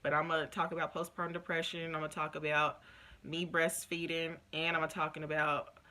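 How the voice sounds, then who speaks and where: A woman's voice: deep voice, a little fast. A young woman vlogger telling a personal story in a casual, emotional way, acting out what others said. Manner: emotional, animated retelling with quoted voices.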